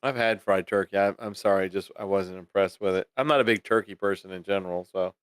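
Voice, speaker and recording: A man's voice: sits low, steady tone, brisk, clean tone, no room sound. A man co-hosting a live stream, making wry, exasperated asides and reading out viewer comments. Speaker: podcast co-host reading chat. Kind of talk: casual chat on a live stream.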